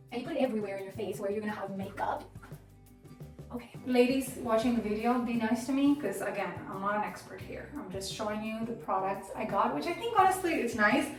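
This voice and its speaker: Excitable woman vlogger in an echoey room. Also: on the high side, distant mic. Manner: chatty, excitable, self-deprecating. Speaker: beauty vlogger. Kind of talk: casual product review. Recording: roomy echo, off-mic, faint music.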